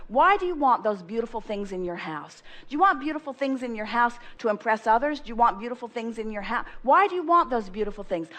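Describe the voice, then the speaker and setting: An emphatic woman with a fairly high voice giving an inspirational seminar talk. She speaks of herself as "we" and acts out affirmations in the first person, building energy as she goes. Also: a bit bright.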